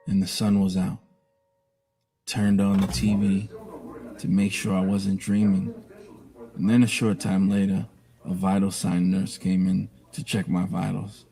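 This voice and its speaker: A man's voice: lowish voice, vocal fry, mellow. A man telling his own story on a live stream in a candid, emotional way, blunt and profane at times.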